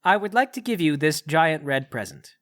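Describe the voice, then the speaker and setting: A man's voice: on the high side, expressive, moderate pace, a bit bright. A man playing a prim, polite butler. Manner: formal, polite. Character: polite, fussy male butler.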